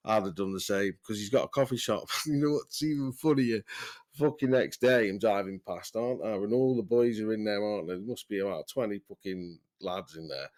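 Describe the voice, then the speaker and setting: A man's voice: fairly low pitch, brisk, a little mellow. A man telling a rambling, sweary story in casual podcast chat, often breaking into laughter. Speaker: podcast host.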